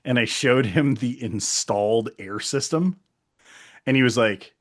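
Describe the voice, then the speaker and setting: A man's voice: mid-range voice, measured pace. Chatty man co-hosting a shop podcast. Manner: animated, laughs, acts out quoted remarks. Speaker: podcast co-host. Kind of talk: casual chat.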